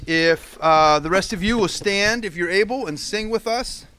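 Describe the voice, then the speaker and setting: A man in his thirties, a pastor, giving a children's sermon at an outdoor church service and telling stories in a lively way. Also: sits high, moderate pace. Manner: lively storytelling with acted-out quotes.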